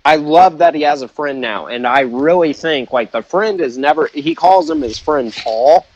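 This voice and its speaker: Man, slightly high voice, crude joking banter, casual podcast chat. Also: normal speed, no echo, highs cut off. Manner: crude, joking, laughs often. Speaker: podcast co-host.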